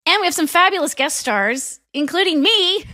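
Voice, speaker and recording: A woman's voice: very high-pitched, lively intonation, brisk, pushed and bright, no room sound, clean studio sound. A woman in her forties co-hosting a podcast, chatting casually and playfully and laughing often. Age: 40s. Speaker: podcast co-host. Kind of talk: casual chat.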